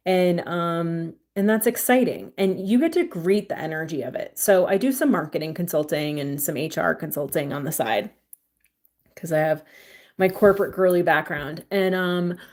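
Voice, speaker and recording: A young woman chatting casually on a livestream, giving tarot readings to viewers, full of "like" and "um" fillers and warm pet names. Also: fairly low pitch, normal speed. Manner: chatty, filler-heavy with frequent "like" and "um", affectionate to viewers. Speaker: livestream tarot reader and crystal seller.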